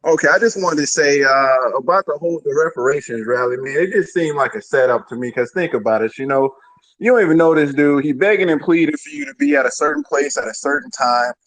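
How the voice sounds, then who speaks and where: A man's voice: on the high side, fast, a bit bright, rough recording. A man calling in to a live audio room, casually laying out his suspicions in a rambling way. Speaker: caller. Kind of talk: casual call-in comment.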